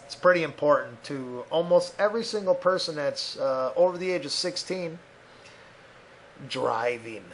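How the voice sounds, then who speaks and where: A man's voice: a little high, expressive, normal speed. A man hosting a podcast, ranting heatedly with constant swearing. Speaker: podcast host.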